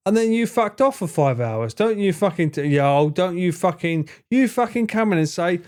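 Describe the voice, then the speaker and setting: A man's voice: high-pitched, lively intonation, moderate pace, few pauses, darkish tone, soft background music. A young man livestreaming, casually bantering with his chat in a playful, sweary, teasing way. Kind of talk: casual chat with live stream viewers.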